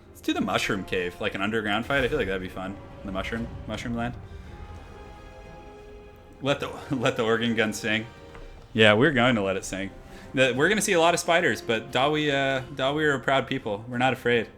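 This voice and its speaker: Young male streamer, relaxed rambling chat, bright forceful tone, faint music behind. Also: medium pitch, fairly quick. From half Irish heritage. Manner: laid-back, rambling, lots of fillers. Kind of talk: casual live-stream commentary.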